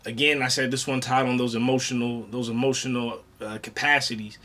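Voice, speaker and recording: Animated man reviewing, slangy and bright. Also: medium pitch, brisk. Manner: animated, repetitive, slangy, swears. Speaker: reaction video reviewer. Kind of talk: casual spoken review.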